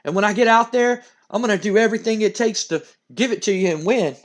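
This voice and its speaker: A man's voice: high-pitched, quick pace, voice pushed up, natural voice. A man voicing a determined, competitive male wrestler who speaks in a firm, declaring way.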